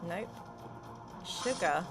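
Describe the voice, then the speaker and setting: Over music, a woman with a fairly low, expressive voice talks very slowly. She hosts a casual gamebook playthrough, reading out viewer comments in a playful way and dramatizing the story as she narrates it.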